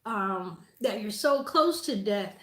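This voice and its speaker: A woman in her forties, a host, telling a personal testimony in an emotional, halting way, close to tears. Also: medium pitch, expressive, fairly bright tone, echoey room, poor audio. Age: 40s.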